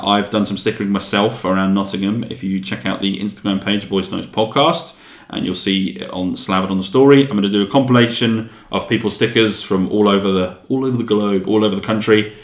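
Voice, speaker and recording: A man hosting a casual podcast chat, rambling and swearing casually. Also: sits low. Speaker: podcast host. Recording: echoey room.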